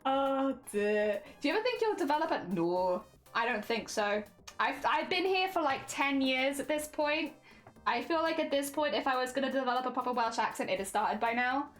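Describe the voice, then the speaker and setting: Lively high-voiced woman streamer. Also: normal speed, faint music behind. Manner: chatty, giggly, reading chat aloud. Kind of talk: casual livestream chat.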